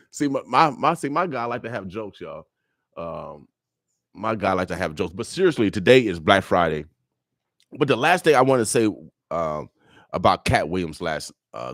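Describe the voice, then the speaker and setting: A man's voice: low-pitched, a bit bright, dry recording. Preachy older man, dry studio voice. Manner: preachy, repetitive, joking, street talk. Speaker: radio talk guest. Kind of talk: casual radio monologue. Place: radio studio. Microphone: studio microphone.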